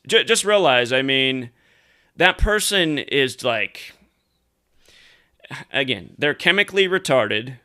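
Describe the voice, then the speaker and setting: A man's voice: mid-range voice, expressive, slow, long pauses, bright, forceful tone, clear, resonant tone. A man hosting a solo commentary show, ranting angrily and swearing often. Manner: angry, profane, emphatic ranting. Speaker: conspiracy commentary host.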